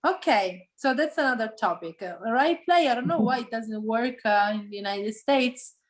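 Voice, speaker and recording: Woman, italian accent, from sicily, meeting host and interpreter, slightly high pitch, video call. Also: moderate pace, poor audio. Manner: translates back and forth, many fillers.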